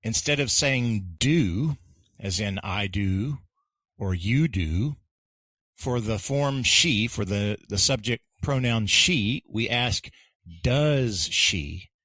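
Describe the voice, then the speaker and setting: A man co-hosting an English lesson podcast, explaining grammar deliberately and leading pronunciation drills. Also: fairly low pitch, sharp tone, dry recording. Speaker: podcast co-host and English teacher.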